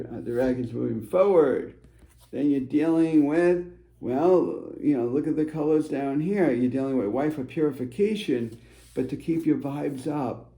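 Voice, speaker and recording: A man gives a casual card reading to his viewers, rambling and reassuring, often restarting his sentences. His voice is gravelly and very dark. The room around him sounds echoey. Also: mid-range voice. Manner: rambling, repetitive, reassuring, with many fillers and restarts. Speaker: spiritual advisor giving card readings. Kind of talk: casual tarot-style card reading to camera.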